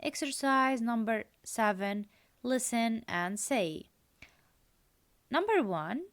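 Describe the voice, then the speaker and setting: A woman's voice: fairly high pitch, expressive, slow. A woman, an Arabic speaker, teaching an English lesson. She reads the exercises aloud, repeats key phrases and explains grammar in Arabic. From Jordan. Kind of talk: recorded classroom lesson.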